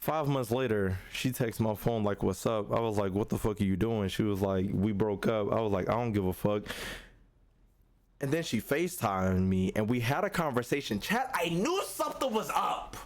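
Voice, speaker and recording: A man's voice: on the low side, normal speed. A young man streamer telling a profane story to his chat, acting out the other people's lines. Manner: animated, profane, acts out quotes. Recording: faint music behind.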